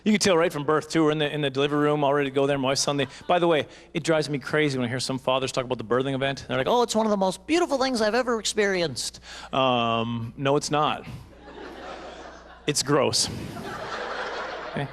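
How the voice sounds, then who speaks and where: A man's voice: mid-range voice, fairly even intonation, fast talker, a bit bright. A man doing self-deprecating, rambling stand-up comedy at a live banquet.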